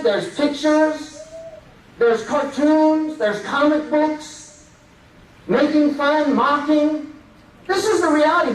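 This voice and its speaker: Speaking in an extremely high pitch, a male preacher delivers an impassioned Friday sermon in a mosque, emphatic and full of rhetorical questions. The recording comes from an echoey hall with the mic at a distance, and there's slight background noise.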